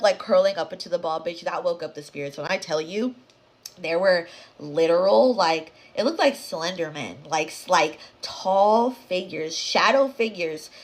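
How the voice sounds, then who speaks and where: A woman telling a spooky story time in a casual, dramatic way, swearing, talking straight to her viewers and dropping into hushed whispers for suspense. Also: fairly low pitch. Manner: dramatic, animated, swears and addresses viewers directly.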